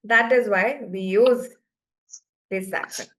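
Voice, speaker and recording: A woman's voice: mid-range voice, takes it slowly. A woman teaching French to beginners in an online class, explaining patiently and often checking that students follow.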